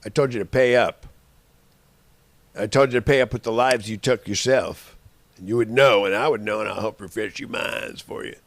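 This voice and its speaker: A man's voice: fairly low pitch, moderate pace. A man in an angry, rambling monologue, cursing and making threats at the people he addresses.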